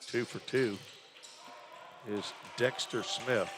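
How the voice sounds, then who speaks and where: A man's voice: medium pitch, fairly even intonation, takes it slowly, background noise. A man calling college basketball play-by-play in a conversational way, musing aloud about stats and names. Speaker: play-by-play announcer. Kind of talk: live basketball commentary.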